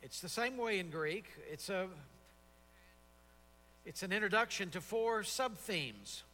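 Man, high-pitched and bright, preaching with emphatic repeated phrases; chapel reverb. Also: animated, measured pace. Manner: expository, emphatic repetition. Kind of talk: sermon. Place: seminary chapel.

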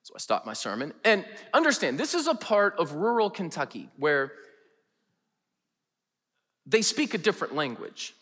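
A male pastor preaching a sermon in a chapel, telling funny stories with lively, animated delivery. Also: fairly high pitch, moderate pace, long pauses, husky, long reverb tail. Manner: animated, humorous storytelling. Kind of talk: sermon with storytelling. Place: large chapel.

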